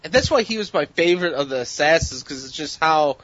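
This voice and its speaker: A man talking casually about a movie, halting, with many fillers, laughing easily. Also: fairly high pitch, animated, a bit bright. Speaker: podcast co-host. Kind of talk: casual movie review chat. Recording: dry, dull lo-fi sound.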